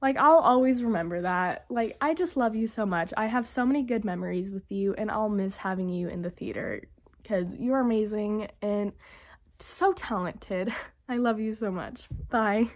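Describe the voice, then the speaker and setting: A woman's voice: mid-range voice, normal speed. A teenage girl recording a farewell message, bubbly and affectionate, with lots of filler words. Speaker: theater student.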